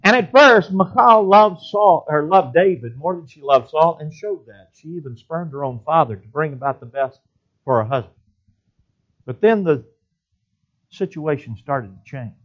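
A man's voice: fairly high pitch, lively intonation, normal speed, highs cut off. A man preaching a sermon and reading scripture aloud in an old-fashioned cadence.

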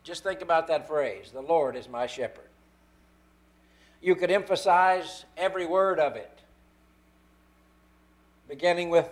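Preacher with a fairly high voice. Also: male voice. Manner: emphatic, slow stresses on key words. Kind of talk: sermon.

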